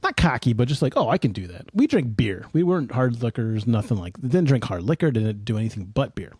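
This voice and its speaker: A man's voice: mid-range voice, sing-song, brisk, a little mellow, breathy edge, no echo, studio quality. A middle-aged man hosting a podcast, telling a rambling, self-mocking story in casual chat. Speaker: podcast host.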